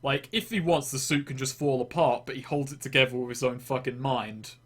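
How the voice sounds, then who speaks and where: A man's voice: mid-range voice, fairly even intonation, brisk, a bit bright. A man running a tabletop game as game master, describing scenes in a loose, rambling way and often restarting his phrases.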